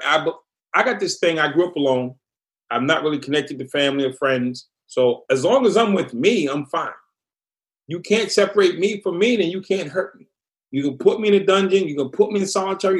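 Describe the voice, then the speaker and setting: Brief: middle-aged man, slightly high voice, lively first-person storytelling guest. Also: a little fast. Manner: animated storyteller, acts out quotes. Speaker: podcast guest. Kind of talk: storytelling interview.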